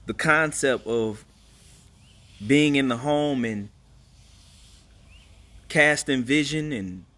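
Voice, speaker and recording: A father talks casually to followers on a live stream from outdoors at home, telling a loose, repetitive story and repeatedly addressing them as "man." He speaks slowly in a medium-pitched, bright voice with a forceful tone.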